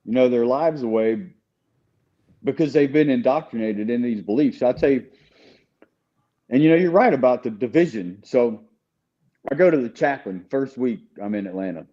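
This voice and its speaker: Male guest with a mellow, dark tone, earnest and candid, recorded on dull lo-fi audio. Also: mid-range voice, animated, moderate pace, long pauses. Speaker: guest telling his story. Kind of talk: casual conversation.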